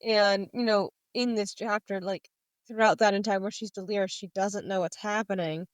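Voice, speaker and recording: A woman chats casually as a podcast co-host, retelling scenes and reading quotes aloud. Her voice sits at a middle pitch. The sound is dry and close, with no room echo. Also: fairly even intonation, normal speed, clear, resonant tone. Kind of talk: casual book discussion.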